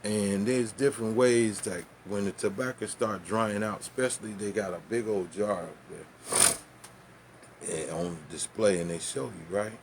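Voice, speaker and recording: A man's voice: lowish voice, normal speed, a little mellow, slight background noise. A man telling a loose, profane, laughing story and showing how to roll tobacco. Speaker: vlogger. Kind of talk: casual storytelling and demonstration.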